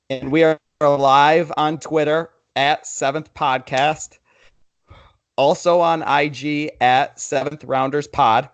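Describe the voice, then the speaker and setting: A young man hosts a casual sports podcast in a slightly high voice, with no echo. He jokes loosely and reads out sponsor and social plugs.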